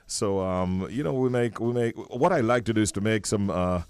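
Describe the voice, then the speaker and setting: Upbeat Jamaican radio host, low voice. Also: male voice, normal speed, darkish tone, clear, resonant tone, no room sound. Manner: upbeat, chatty, laughs often. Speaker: radio morning show host. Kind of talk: casual morning radio chat.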